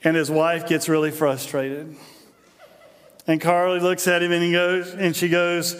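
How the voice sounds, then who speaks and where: Chatty middle-aged pastor in a reverberant church. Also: male voice, on the high side, monotone, unhurried, fairly bright tone, clear, resonant tone. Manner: conversational storytelling with humor, frequent repeated "and, and". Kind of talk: sermon. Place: church sanctuary. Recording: long hall reverb in a church.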